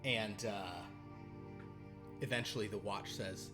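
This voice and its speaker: A man narrating as game master of a horror tabletop role-playing game, quick and low-key with asides. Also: lively intonation, over music.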